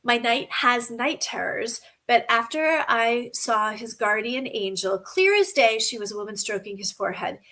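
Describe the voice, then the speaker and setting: A woman hosting a live stream, reading viewer comments and giving gentle spiritual guidance with frequent ums and "right?". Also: on the high side, lively intonation, normal speed, few pauses. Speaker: host.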